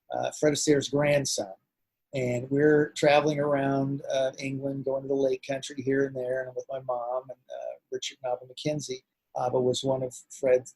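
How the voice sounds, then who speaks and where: A middle-aged man, a martial arts grand master and actor, telling stories in an animated, rambling way as an interview guest. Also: medium pitch, slightly rough, no room sound, rough recording. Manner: animated, rambling, swings loud and soft. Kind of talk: casual storytelling interview.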